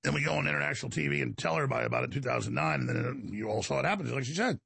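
Speaking very fast with vocal fry, this Texan talk show host has a husky, fairly bright mid-range voice, recorded without echo. He's combative and digressive, rambling through a monologue and addressing his audience as folks.

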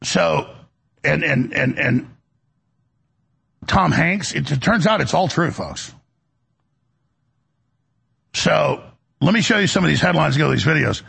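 A male show host rants into the studio mic with a heavily gravelly, husky voice. He rambles in an agitated way, repeats himself and restarts sentences over and over. His voice sits a little above the usual male pitch. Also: expressive, measured pace, long pauses, a bit bright. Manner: agitated, repetitive, with many restarts. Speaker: radio and web show host. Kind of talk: rambling broadcast monologue. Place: broadcast studio.

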